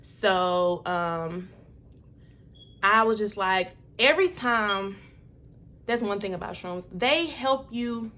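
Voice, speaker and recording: Bright-voiced young woman telling a story. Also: mid-range voice, takes it slowly, long pauses. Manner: chatty, animated, full of likes and y'all. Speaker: vlogger. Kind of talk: casual storytelling.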